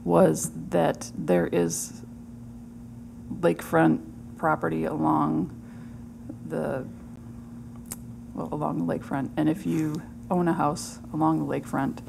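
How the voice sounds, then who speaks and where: A woman's voice: low voice, level tone, takes it slowly, creaky, noisy background. A woman on city staff explaining a past referral to a committee. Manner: explanatory, recalling past discussion. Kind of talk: committee meeting discussion.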